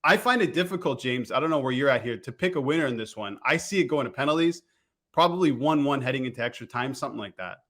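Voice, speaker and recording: A man's voice: medium pitch, lively intonation, fast talker, a bit bright. A man appearing as a guest betting analyst, giving his picks in an easygoing, casual way. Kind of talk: casual sports betting chat.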